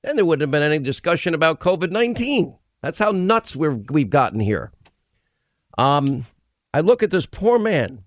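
A man's voice: a little high, big pitch swings, moderate pace, no room sound, studio quality. A man hosting a radio talk show, delivering an emphatic, impassioned monologue full of restarts. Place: radio studio. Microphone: studio microphone.

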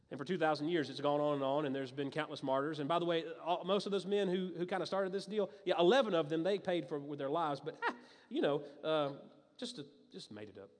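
A man's voice: a little high, fast. Man preaching in a reverberant hall. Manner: conversational and emphatic, with frequent restarts and asides. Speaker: pastor. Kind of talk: sermon. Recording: long reverb of a large hall.

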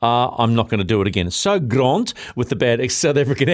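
Male radio host, teasing banter, pitch swinging widely, mid register. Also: sing-song, brisk. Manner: playful, teasing, laughs often. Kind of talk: casual sports radio banter.

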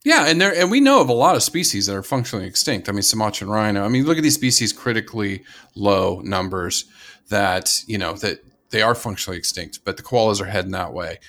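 A man's voice: on the low side, expressive, quick pace, fairly bright tone. A man with an American accent co-hosting a casual conservation podcast, talking enthusiastically and rambling, with many restarts and laughs. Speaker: podcast co-host.

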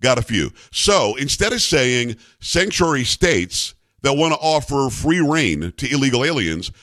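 A man hosting a political commentary show, talking in a sarcastic, animated way. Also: medium pitch, a little slow, no room sound, clean studio sound. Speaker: talk show host.

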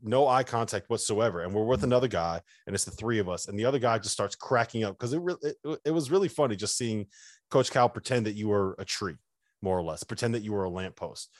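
A man co-hosting a sports podcast, telling stories in a lively, laughing way. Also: fairly low pitch, quick pace, no echo, studio quality. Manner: animated storyteller, laughs often. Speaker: podcast co-host. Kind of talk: casual chat, storytelling.

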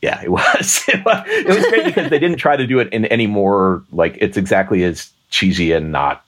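A man's voice: fairly low pitch, very animated, normal speed, fairly bright tone. A man co-hosting a podcast, chatting casually about a movie, rambling with restarts and laughs. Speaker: podcast co-host. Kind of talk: casual chat.

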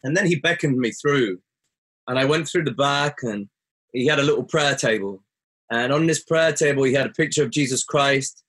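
At medium pitch and a moderate pace, a man with a fairly bright tone tells a story from his own life as a guest. He speaks earnestly and reflectively, and his voice jumps sharply when quoting his own words.

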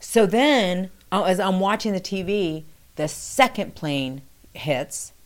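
A woman recounting a past experience in conversational storytelling, acting out quoted dialogue with animated pitch jumps. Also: slow pace. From New York City.

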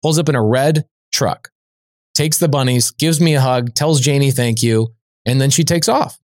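A man, a podcast guest, telling a personal anecdote in a lively, conversational way, dropping "like" as a filler. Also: medium pitch, normal speed, no room sound, studio quality. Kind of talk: storytelling anecdote.

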